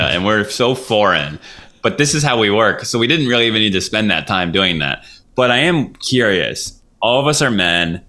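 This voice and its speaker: A man's voice: fairly low pitch, pushed and bright. A man hosting a casual podcast chat, reflective and full of questions for his friends. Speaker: podcast host.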